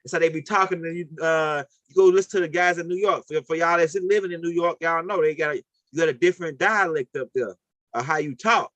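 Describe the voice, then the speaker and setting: Man, New Orleans accent, casual rambling lecture, slightly high voice, dry close sound. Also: fairly quick, fairly bright tone, no echo. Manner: rambling, repetitive, with frequent "right?". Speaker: host of a call-in talk.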